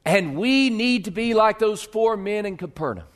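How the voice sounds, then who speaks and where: A male pastor preaching a sermon, swinging from hushed, slow lines to loud, rising appeals. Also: high-pitched, lively intonation.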